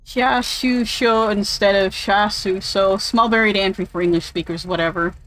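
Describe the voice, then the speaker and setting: A woman's voice: medium pitch, steady tone, normal speed, a bit bright, poor audio. A woman giving casual, rambling gameplay commentary, chatty and opinionated, drifting off into tangents and swearing offhandedly. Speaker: game streamer.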